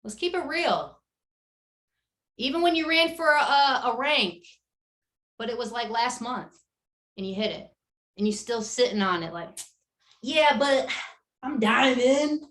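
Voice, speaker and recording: A woman's voice: on the high side, normal speed, long pauses. A young woman giving a candid, emphatic motivational talk to her business team, sharing a personal story. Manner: animated, emphatic, speaks candidly and directly. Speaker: network marketing team leader.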